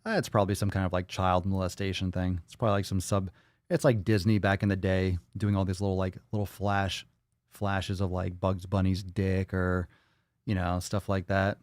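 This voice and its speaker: A man's voice: sits low, level tone, moderate pace, a little mellow, no echo, studio quality. A man hosting a fitness podcast, chatting crudely and joking as he reads out comments from home. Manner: profane, laughing, jokey. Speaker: podcast host. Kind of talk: crude casual chat reading viewer comments. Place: small room at home.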